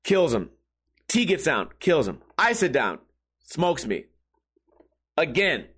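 A man's voice: fairly high pitch, takes it slowly, breathy edge. A man telling a funny story casually, swearing a lot and laughing often. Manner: profane, animated, laughs often.

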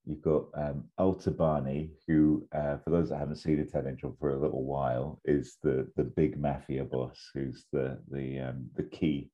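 Very deep-voiced eager man. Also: level tone, normal speed, hardly any pauses, dull audio. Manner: eager, laughs often. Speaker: podcast co-host. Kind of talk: casual chat.

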